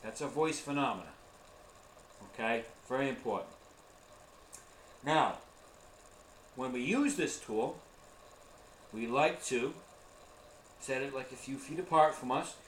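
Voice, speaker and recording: A man's voice: mid-range voice, unhurried, long pauses, a little hiss or hum. Brief: male tour guide, casual and earnest, mid-range voice, roomy live-stream audio. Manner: earnest, chatty, addresses viewers as folks. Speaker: ghost hunting tour guide. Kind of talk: casual instructional talk.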